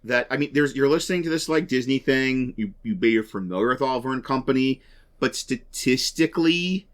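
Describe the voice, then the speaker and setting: A man co-hosts a relaxed podcast conversation in an ordinary mid-range voice. He talks in an animated, chatty way and laughs along easily. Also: medium pitch, brisk. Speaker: podcast co-host. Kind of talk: casual podcast chat.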